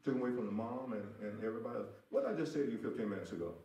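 A man's voice: mid-range voice, animated, very fast, dark tone, slight background noise. A man preaching a sermon as pastor, emphatic, repeating his phrases and speaking straight to the congregation. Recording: roomy echo.

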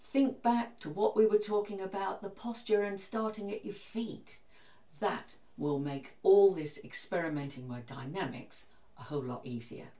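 A woman giving a vocal coach's step-by-step singing lesson, with calm, encouraging instructions. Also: mid-range voice, moderate pace, roomy sound, distant mic.

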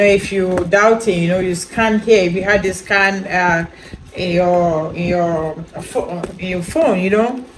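A woman's voice: mid-range voice, slight background noise, poor audio. Chatty woman rambling through a review. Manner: chatty, rambling, with many repeated "you know" fillers; addresses viewers directly, asks if they understand. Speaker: beauty product reviewer. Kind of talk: casual product review vlog.

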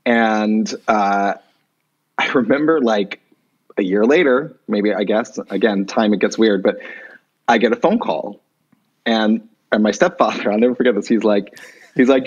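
A man telling a long personal story as a podcast guest, lively and quick to jump into other people's voices. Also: slightly rough. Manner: animated, jumps pitch when quoting people. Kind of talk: conversational storytelling. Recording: muffled low-fidelity remote audio.

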